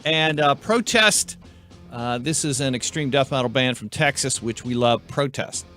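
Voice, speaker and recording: A man's voice: mid-range voice, normal speed, sharp tone, soft background music. A man hosting a casual chat show, rambling and tripping over band names. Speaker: host.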